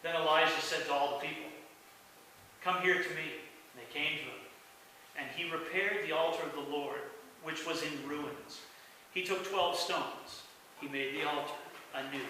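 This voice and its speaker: Pastor guy preaching slow, bright fairly high voice, big echoey church, mic kinda far off, faint hiss. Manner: storytelling, acts out quoted lines with sudden rises. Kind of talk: sermon. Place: church sanctuary.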